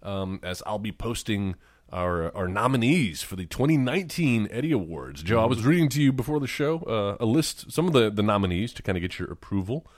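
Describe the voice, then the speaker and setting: A man in his forties co-hosting a casual podcast, with a lively voice that swings up and down. He jokes and laughs often. The recording is dry and close. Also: lowish voice, a little fast, dry recording. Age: 40s. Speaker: podcast co-host.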